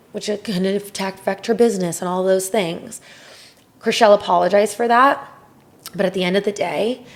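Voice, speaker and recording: A woman's voice: medium pitch, vocal fry. A young woman co-hosting a podcast, gossiping casually with lots of swearing and "like". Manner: profane, animated gossip with acted quotes. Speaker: podcast co-host. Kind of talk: casual chat.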